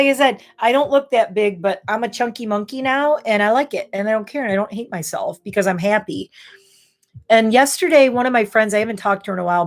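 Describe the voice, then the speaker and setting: Woman, thirties, tipsy, candid, rambling livestream chat, mid pitch. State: tipsy from wine. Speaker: beauty livestreamer.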